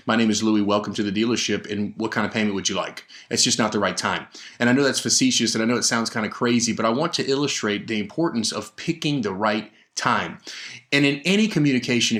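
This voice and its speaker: Man, podcast host, sales coach, energetic, emphatic, repeats words for stress, mid pitch. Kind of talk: motivational podcast talk. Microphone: studio podcast microphone.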